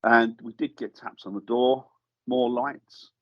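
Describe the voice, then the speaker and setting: A man, a guest paranormal investigator, telling a lively story in casual chat and acting out the voices he quotes. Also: mid-range voice, unhurried, dry recording, lo-fi sound. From England. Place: studio.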